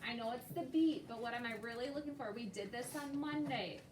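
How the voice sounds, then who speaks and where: High-voiced teacher in an echoey classroom. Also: female voice, fairly quick. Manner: patient, prompting questions to students by name. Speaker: second grade teacher. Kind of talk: classroom instruction. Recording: echoey classroom, distant noisy mic.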